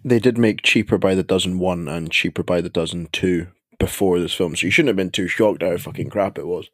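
A man's voice: sits low, fairly quick, breathy edge, dry recording, clean studio sound. A man co-hosting a podcast, chatting bluntly and swearing casually. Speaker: podcast co-host. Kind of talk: casual chat.

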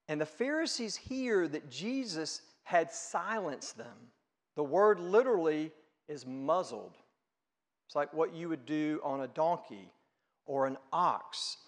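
High-voiced man preaching in a long-echo hall. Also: lively intonation, unhurried. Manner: earnest, conversational preaching with rhetorical questions. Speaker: pastor. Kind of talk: sermon.

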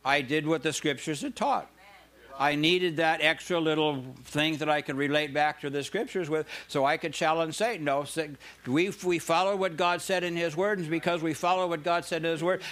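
A man's voice: fairly high pitch, moderate pace, fairly bright tone. A man preaching a sermon, telling stories in an earnest way and building to fervent emphasis. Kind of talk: sermon with storytelling.

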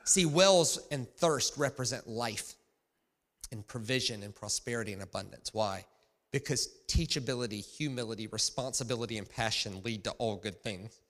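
A man preaching a sermon as pastor, conversational and emphatic, shifting from quiet asides to loud bursts. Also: mid-range voice, moderate pace. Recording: long hall reverb.

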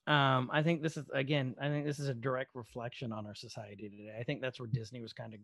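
A man's voice: medium pitch, little pitch movement, fast, fairly bright tone, no echo, studio quality. A man in casual podcast chat, retelling a show's scenes with quoted dialogue and some swearing. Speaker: podcast co-host. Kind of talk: casual chat recapping a show episode.

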